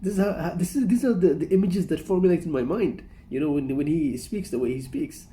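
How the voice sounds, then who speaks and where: A man's voice: a little high, brisk, warm tone. A man hosting a casual reaction commentary, rambling and amused, often breaking into laughter. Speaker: reaction video host.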